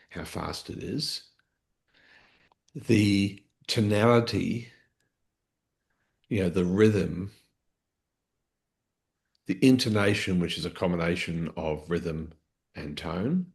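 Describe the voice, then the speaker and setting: A man's voice: deep voice, gravelly. A man coaching a live training session, explaining step by step, restarting phrases and checking in with "okay?".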